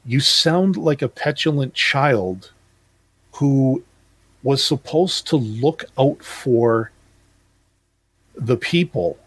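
A man's voice: mid-range voice, expressive, drawn-out words, pauses often, fairly bright tone, husky. A man in his fifties from Calgary co-hosting a podcast, talking bluntly and emphatically with stumbling restarts. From Calgary, Canada. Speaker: podcast co-host. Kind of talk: casual chat.

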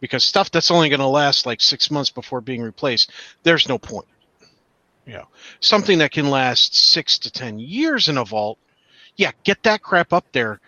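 Bright-voiced man in casual blunt talk. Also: mid-range voice, sing-song, normal speed, dry recording. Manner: blunt, casual, with mild swearing. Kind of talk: casual live-stream discussion.

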